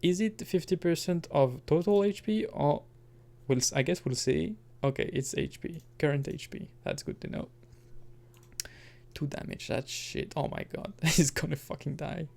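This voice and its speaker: A man's voice: fairly high pitch, normal speed, vocal fry, a little mellow. A man giving casual let's-play commentary, rambling and correcting himself, with chuckling asides. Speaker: gaming commentator.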